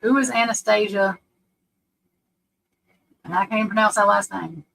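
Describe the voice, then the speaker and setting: A woman's voice: medium pitch, unhurried, gravelly, fairly bright tone, poor audio. A middle-aged woman from the United States hosting a live stream, rambling and frank, restarting her sentences and swearing casually.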